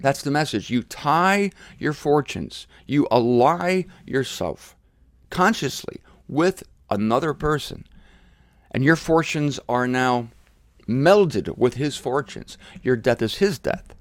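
A man hosting a Bible teaching show, preaching forcefully and repeating phrases for emphasis in a blunt, provocative way. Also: medium pitch, expressive, takes it slowly, no room sound, clean studio sound.

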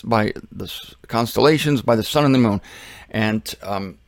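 Gravelly man teaching the Bible. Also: medium pitch, no room sound, clean studio sound. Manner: rambling and joking, often trailing off and restarting. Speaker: Bible teacher and show host. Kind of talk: casual Bible teaching monologue.

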